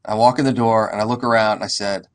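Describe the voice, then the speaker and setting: A man telling a casual, animated story to an audience, acting out the dialogue. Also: fairly low pitch, fast. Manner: animated, acts out quoted dialogue. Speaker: real estate investor and educator.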